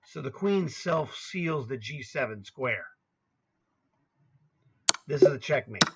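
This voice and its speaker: A man's voice: mid-range voice, expressive, slow pace, gravelly, highs cut off, noisy background. A man in his sixties teaching chess over a screen share, talking casually, naming squares aloud, and grumbling to himself now and then. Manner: chatty, grumbling asides, names squares aloud. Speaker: chess coach. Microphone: laptop setup.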